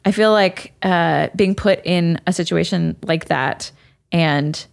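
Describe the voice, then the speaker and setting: A woman in her thirties chatting on a podcast in a slightly low voice. She rambles loosely, restarting sentences and leaning on fillers as she goes. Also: slow, creaky. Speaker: podcast co-host. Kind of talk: casual chat.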